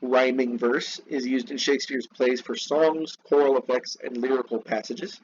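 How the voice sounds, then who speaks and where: Male teacher, classroom lecture, reads text then explains slowly, dull lo-fi recording, faint background hum. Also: medium pitch, steady tone. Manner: slows down to spell out terms, asides to students.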